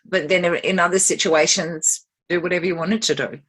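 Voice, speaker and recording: Husky-voiced woman interviewer, gentle questions. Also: fairly low pitch, steady tone, moderate pace. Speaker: co-host and interviewer.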